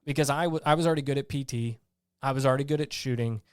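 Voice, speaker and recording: Man, army veteran, interview guest, blunt storyteller, acts out old conversations, clear smooth voice, dry close sound. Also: mid-range voice, rapid-fire, no room sound. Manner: animated storyteller who acts out his own past lines; blunt, salty.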